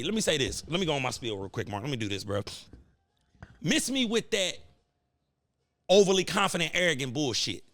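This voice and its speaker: A man's voice: on the high side, creaky, fairly bright tone, dry recording. A man hosting a podcast, delivering a heated, profane, preachy sports rant in AAVE. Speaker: podcast host. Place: cigar lounge studio.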